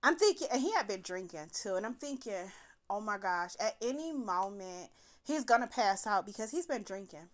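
A young woman telling a personal story in a casual, profane, animated way, laughing often as she talks. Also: mid-range voice, moderate pace.

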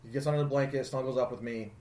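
A man in his thirties co-hosting a casual podcast chat, telling lively stories and mimicking friends. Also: racing, roomy sound. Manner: animated storyteller, quotes friends in loud high voices. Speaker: podcast co-host.

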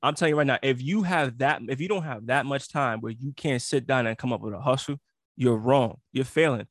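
A man's voice: mid-range voice, brisk, no room sound, studio quality. A man co-hosting a podcast in casual chat, blunt and profane, lecturing his listeners. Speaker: podcast co-host.

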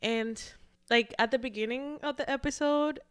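A woman co-hosting a podcast in casual chat, animated, laughing often and swearing casually. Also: high-pitched, normal speed, clear, resonant tone. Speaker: podcast co-host.

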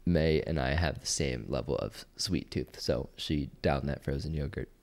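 A young man co-hosting a podcast, telling a story in a casual, animated way and acting out the voices of the people in it. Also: rumbling low, normal speed, vocal fry. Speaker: podcast co-host.

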